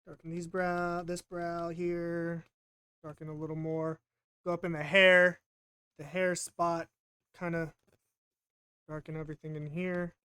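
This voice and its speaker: Rambling man with a bright voice. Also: a little high, little pitch movement, a little slow, pauses often, clean tone. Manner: rambling, self-deprecating, stammers and repeats himself. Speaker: art vlogger. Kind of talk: casual narration while drawing.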